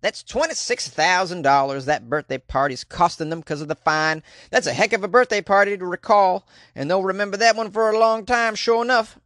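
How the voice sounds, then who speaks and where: A man's voice: high voice, brisk, hardly any pauses, fairly bright tone, no room sound, studio quality, voice pushed up. A man putting on the voice of an indignant middle-aged police chief, scolding and exasperated.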